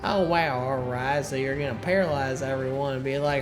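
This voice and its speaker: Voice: mid-range voice, fairly even intonation, normal speed, few pauses. A streamer rambling casually over gameplay, humming and muttering to themself, reading game lines aloud. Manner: rambling, hums and mumbles to self. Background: game music.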